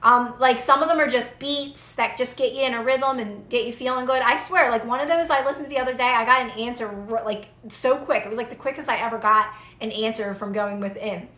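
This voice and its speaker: A woman's voice: fairly high pitch, fairly even intonation, fairly quick, hardly any pauses, bright, forceful tone, echoey room. A young woman giving casual, earnest manifestation advice to viewers on a live stream, repeating phrases for emphasis.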